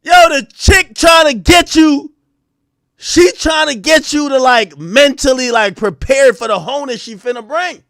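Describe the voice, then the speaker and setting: A man streaming live, ranting to his chat in a crude, animated way that bursts into shouting. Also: very high-pitched, measured pace, dry recording, studio quality.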